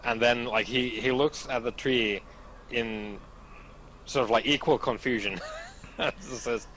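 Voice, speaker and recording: Slow, halting man at a game table. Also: mid-range voice, fairly even intonation, fairly bright tone, a little hiss or hum, low-quality recording. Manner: hesitant, halting. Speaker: player. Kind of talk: casual tabletop game play.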